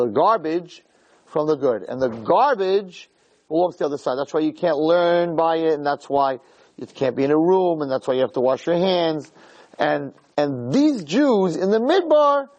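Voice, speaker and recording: A man's voice: fairly high pitch, darkish tone, rough recording. A man giving a Torah lecture, emphatic and full of rhetorical questions.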